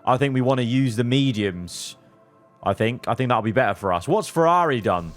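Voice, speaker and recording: Over soft background music, a young man who makes gaming videos comments expressively at a moderate pace on his racing management game. He addresses his drivers as he plays, veering from quiet mumbles to loud outbursts.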